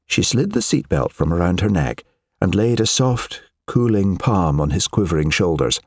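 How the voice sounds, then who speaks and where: A man narrating an audiobook in a measured, expressive storytelling manner. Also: low-pitched, no echo, clean studio sound. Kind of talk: scripted narration.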